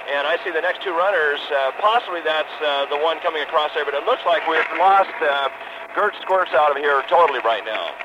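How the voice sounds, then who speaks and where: Man, race co-commentator, slightly high voice, halting delivery, noisy background. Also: animated, lo-fi sound.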